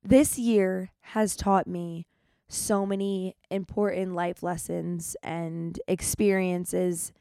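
A young woman hosting a podcast, telling stories in an animated, chatty way, with dramatic retellings. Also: fairly low pitch, takes it slowly, creaky, smooth, no echo. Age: young adult. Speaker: podcast host. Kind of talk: casual storytelling monologue.

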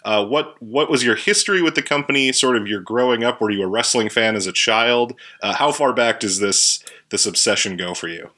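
A man's voice: mid-range voice, fairly quick, hardly any pauses, bright, forceful tone, no echo. A man hosting a podcast in a casual, rambling way, full of fillers and restarts, speaking from a home recording setup. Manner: chatty, rambling with many fillers. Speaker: podcast host.

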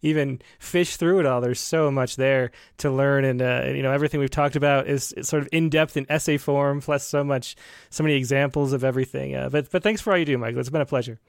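A man hosts a conversation at a quick pace, upbeat and encouraging. His voice sits at a middling pitch and sounds close and dry. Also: fairly even intonation, vocal fry, clean tone, no echo. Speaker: podcast host. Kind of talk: conversational interview.

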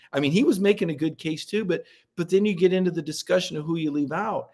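A man's voice: fairly high pitch, quick pace. A middle-aged man, a sports columnist in an opinionated, folksy debate who often repeats words as he builds a point.

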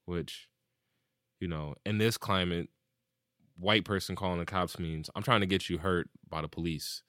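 Male co-host, animated storyteller who acts out quotes, dry close sound, forceful tone. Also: low voice, moderate pace, no echo. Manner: animated retelling with acted-out quotes and swearing. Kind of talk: casual chat, storytelling.

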